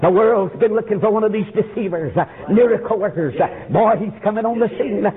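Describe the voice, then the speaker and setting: A man preaching a fiery revival sermon, with rhythmic "uh" fillers and sudden shouts. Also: high voice, brisk, narrow, tinny audio.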